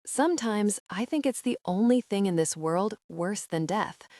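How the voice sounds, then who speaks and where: Woman voicing a gentle young man, breathy and tender, dry audiobook read. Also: mid-range voice, lively intonation, a little slow, no room sound, lightly acted. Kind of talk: audiobook narration.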